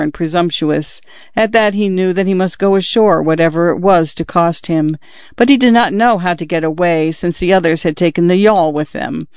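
A man reading a literary story aloud in a measured, steady way. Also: high voice, no echo. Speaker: narrator. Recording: dull, dry, slightly lo-fi recording.

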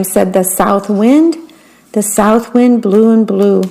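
Slow, gentle woman reading bedtime stories. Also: medium pitch, fairly even intonation, creaky, poor audio. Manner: slow, gentle, lifts her voice for quoted lines. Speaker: volunteer radio reader of bedtime stories. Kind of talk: reading picture books aloud, describing the pictures.

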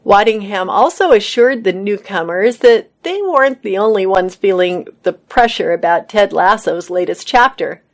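A woman reading entertainment news articles aloud in a steady read-aloud manner. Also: medium pitch, normal speed, few pauses.

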